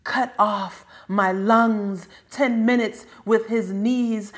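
A woman recites spoken-word poetry with a steady, rhythmic intensity. She takes her time, letting each line land at a mid-range pitch. The delivery is weighty and deliberate. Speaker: poet.

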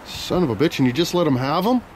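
Loud, profane joking young man. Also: a little high, animated, fast, slight background noise. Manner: loud, profane, joking banter with lots of slang. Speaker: vlogger. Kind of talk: casual rambling vlog chat.

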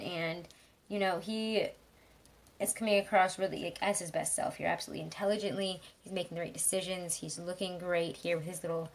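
Chatty low-voiced woman reading tarot. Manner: chatty, rambling, frequent fillers and soft laughs. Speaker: tarot reader.

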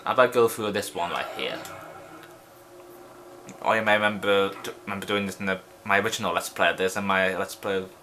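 A man's voice: sits low, fairly quick, sharp tone, a little hiss or hum. A young man from the UK giving rambling, chatty commentary while playing a game, often restarting his sentences. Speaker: let's play host. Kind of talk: casual gameplay commentary.

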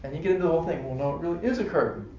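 A man's voice: a little high, expressive, racing, a little mellow. A man teaching a casual Buddhist class, chatty and laughing often, checking in with "right?" and "you know". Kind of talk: casual dharma class lecture. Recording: echoey room, dull live-stream audio with faint hiss.

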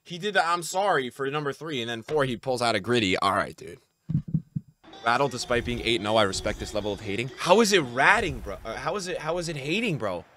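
A young man commentating his own football video game on a stream, with a sore throat, grumbling low and then bursting out loud and swearing. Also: fairly quick, soft background music. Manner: swings from flat grumbling to loud outbursts, swears a lot. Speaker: gaming streamer. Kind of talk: live gameplay commentary.

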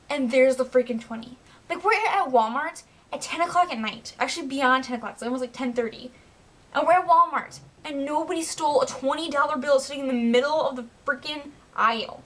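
A woman's voice: fairly high pitch, fairly bright tone. A teenage girl telling rambling, chatty stories to camera in a home vlog, full of "like" and "um". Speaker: vlogger. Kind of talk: casual storytelling vlog.

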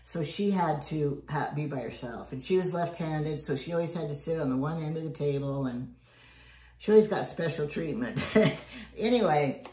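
An older woman who vlogs as a home cook chats casually while baking, telling rambling family stories and chuckling often. Her voice is low and dark in tone, with lively intonation and a moderate pace. The room is echoey, with faint noise.

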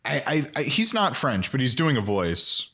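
A man's voice: medium pitch, sing-song, normal speed, pushed and bright, breathy edge. A young man co-hosts a casual rewatch podcast, talking through plot points. He stops and restarts often and slips in dry jokes. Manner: hesitant, lots of ums and restarts, dry jokes. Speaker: podcast co-host. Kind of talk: casual recap chat.

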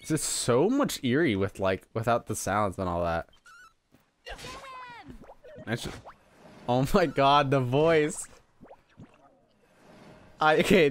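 A man's voice: medium pitch, slight background noise. A young man casually commentating a role-playing game as he plays, swearing often and laughing and exclaiming at surprises. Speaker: let's play gamer.

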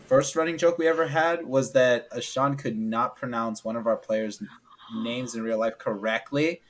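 A tabletop player recalling a running joke, giggly and teasing, at an everyday mid-range pitch. The tone is easygoing and playful. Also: moderate pace. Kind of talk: casual group chat.

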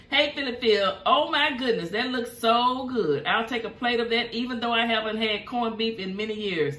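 A woman's voice: fairly high pitch, normal speed, fairly bright tone, roomy sound. An older woman, hosting a home cooking show and chatting folksily as she reads viewer comments aloud. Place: home kitchen.

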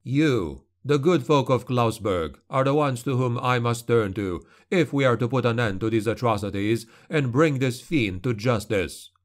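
Man doing a commanding witch hunter, calm, slow, measured, authoritative. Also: medium pitch, natural voice. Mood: stern.

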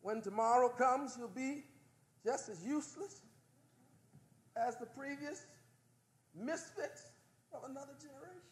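High-pitched, fired-up male preacher. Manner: impassioned, shouting, fired up; leads the crowd in call-and-response prayers. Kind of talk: fiery sermon. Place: large conference hall. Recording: echoey hall.

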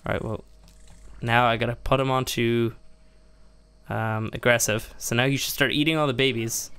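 A man's voice: steady tone, normal speed, a bit bright, clear, resonant tone. A man commentating a survival game playthrough, talking himself through each step and getting exasperated when things go wrong. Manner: exasperated, self-narrating, laughing at mishaps; jumps much higher in pitch when upset. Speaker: gaming YouTuber. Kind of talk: let's play commentary.

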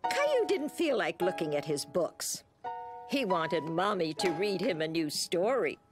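Female narrator for a children's cartoon, expressive and lively. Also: fairly low pitch, a little slow. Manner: warm, clear, expressive storytelling. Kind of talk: scripted storybook narration. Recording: music beneath the narration.

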